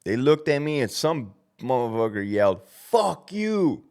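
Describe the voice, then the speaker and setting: A man in his thirties, a former prison officer, telling a casual story in a blunt, profane way, laughing at himself and acting out shouted commands. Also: mid-range voice, normal speed, smooth.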